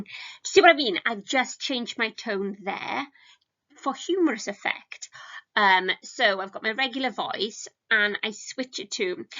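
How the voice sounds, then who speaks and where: A woman's voice: on the high side, lively intonation, measured pace, sharp tone, dull audio. A woman, an English teacher giving a recorded lesson in a chatty, self-deprecating way with many ums. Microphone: home recording for a video lesson.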